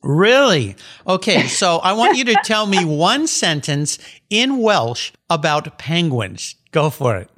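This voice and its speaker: Man, podcast host, enthusiastic, lively intonation, bright tone. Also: fairly high pitch, unhurried, few pauses. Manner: enthusiastic, animated, playful. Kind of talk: upbeat podcast interview and ad read.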